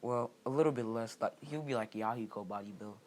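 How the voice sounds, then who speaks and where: A man's voice: medium pitch, quick pace, a little hiss or hum. A young man telling a fan story off the cuff, rambling with many fillers and restarting sentences. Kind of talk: casual unscripted storytelling.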